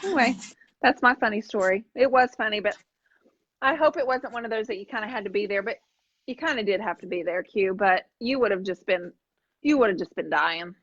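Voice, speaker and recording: A woman co-hosting a live DIY painting show, telling a funny story with animated acted-out voices. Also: mid-range voice, fairly quick, dull audio. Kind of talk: casual chat while painting furniture.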